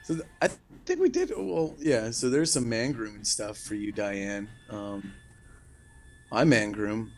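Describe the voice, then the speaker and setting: A man's voice: on the low side, big pitch swings, unhurried, a little hiss or hum. A man in his late twenties in casual, crude banter over a video call, laughing easily. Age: 20s. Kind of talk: casual chat.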